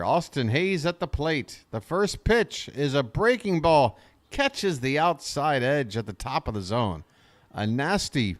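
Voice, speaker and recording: Man, fan streamer calling baseball live; unhurried, very expressive pitch, talks to his chat. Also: dry recording. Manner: chatty, talks straight to his chat viewers; gets excited on big plays. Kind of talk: live fan play-by-play commentary.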